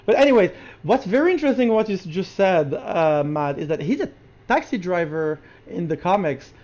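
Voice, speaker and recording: A high-voiced man co-hosting a podcast, jumping in eagerly and tripping over the first sounds of his words. His voice comes through a dull, lo-fi microphone. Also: expressive, moderate pace, a little mellow. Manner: eager, stumbles over word starts. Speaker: podcast co-host. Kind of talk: casual chat. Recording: dull lo-fi mic.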